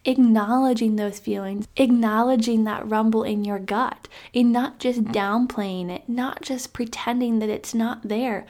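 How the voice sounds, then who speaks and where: A young woman in her twenties hosts a podcast and talks in an upbeat, emphatic way. Her voice sits a little high. She addresses listeners directly with steady encouragement. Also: measured pace, hardly any pauses. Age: 20s. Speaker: podcast host. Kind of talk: motivational podcast monologue.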